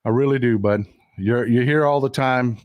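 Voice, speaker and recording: A man's voice: medium pitch, normal speed, darkish tone, no room sound. An older man hosting a casual livestream, talking bluntly and with profanity while he reads out and thanks viewers' comments. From Texas. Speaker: livestream host.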